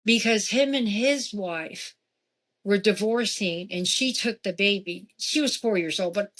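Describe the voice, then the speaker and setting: A woman appearing as a podcast guest tells a personal story casually and with animation. Her mid-range voice is unhurried, and she acts out quoted dialogue, often breaking off into asides and restarts.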